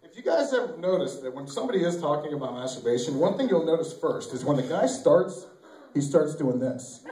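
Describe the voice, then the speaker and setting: A man's voice: fairly high pitch, sing-song, a little fast, warm tone. Crude rambling man doing stand-up. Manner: crude, rambling, self-deprecating. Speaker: stand-up comedian. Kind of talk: stand-up comedy set. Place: small comedy venue. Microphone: handheld camera from the audience. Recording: echoey room, camera far from the stage.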